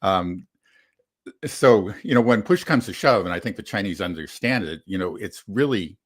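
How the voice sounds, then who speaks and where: A man co-hosting a casual political chat, talking in a measured way with many fillers and frequent laughs. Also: low-pitched, lively intonation, breathy edge. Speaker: co-host.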